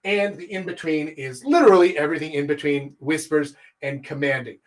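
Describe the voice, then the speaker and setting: A man from Texas, in his thirties or older, giving a live-streamed dating coaching talk, animated and blunt, swinging his pitch and volume to show his points. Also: fairly quick. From Texas, USA.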